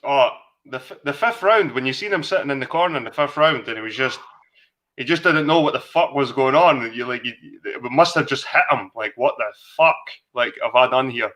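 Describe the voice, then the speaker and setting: A man's voice: medium pitch, a little fast, fairly bright tone. A slightly tipsy Scottish man hosting a livestream, chatty, sweary and rambling in casual conversation. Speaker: livestream host. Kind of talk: casual chat.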